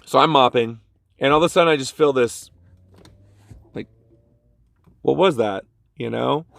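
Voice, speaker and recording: A man's voice: mid-range voice, unhurried, gravelly, no echo. A man telling a casual story about a bad job to his vlog audience, jumping into the voices of the people in it. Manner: animated, jumps into quoted voices. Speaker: vlogger.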